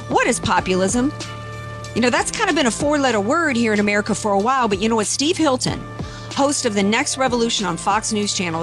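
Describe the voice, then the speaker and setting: A woman hosting a talk radio show, speaking emphatically with repeated phrases and frequent restarts. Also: on the high side.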